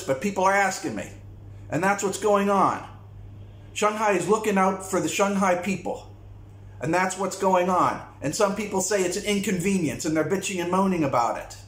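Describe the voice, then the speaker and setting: A man's voice: high-pitched, a bit bright. A man delivering a blunt, repetitive, profane rant to camera as a vlogger. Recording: echoey room.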